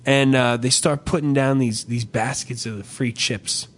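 Young adult male podcast co-host; swears constantly, rants and tells animated stories in an average-pitched voice. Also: normal speed. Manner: profane, ranting, animated storytelling. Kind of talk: casual comedic chat.

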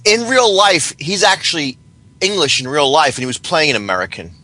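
Rambling, stammering male caller, lively voice. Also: fairly high pitch, brisk. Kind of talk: casual phone-in chat.

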